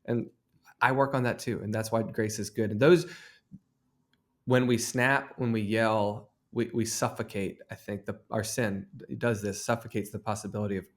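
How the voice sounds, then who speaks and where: A man's voice: fairly low pitch, fairly even intonation, moderate pace. A man in his thirties, an author and guest, telling a story in an earnest, reflective way. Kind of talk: conversational interview.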